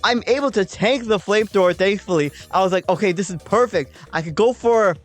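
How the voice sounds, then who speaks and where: A woman's voice: medium pitch, fairly quick. A woman hosting a gaming channel, talking through a game battle in a casual, chatty way and explaining her thinking with frequent "um" and "like".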